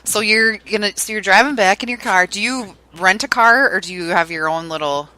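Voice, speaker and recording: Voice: medium pitch, bright, forceful tone, no echo, low-quality recording. A podcast co-host from Minnesota with a Minnesotan accent, chatting in a friendly way and laughing often. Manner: friendly, giggly, quick agreeing interjections. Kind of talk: casual chat.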